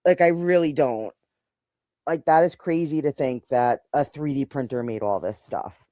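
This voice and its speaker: A woman's voice: extremely low pitch, moderate pace, mellow, dry recording, studio quality. A woman with a New York accent co-hosting a casual live stream, chatty and rambling, often breaking off mid-sentence. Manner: chatty, rambling, self-interrupting. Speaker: co-host.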